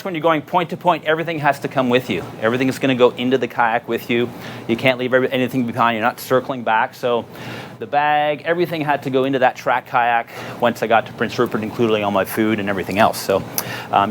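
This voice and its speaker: A man giving a relaxed, conversational presentation at a marina event, telling expedition stories with lots of fillers. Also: mid-range voice, a little hiss or hum. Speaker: guest speaker on an expedition. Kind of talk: storytelling presentation.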